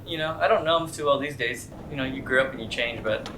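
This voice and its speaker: A man's voice: mid-range voice, fast, reverberant, heavy background noise. A young man answering fan questions in a casual, rambling chat, full of slang and fillers. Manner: laid-back, rambling, slangy with lots of "dude" and "like".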